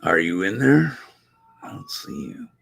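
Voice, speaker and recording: Slow-talking man hosting a live stream. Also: lowish voice, wildly swooping pitch, creaky, fairly bright tone, husky, faint music behind. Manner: slow, halting, thinks aloud. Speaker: show host. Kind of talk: casual live-stream chat.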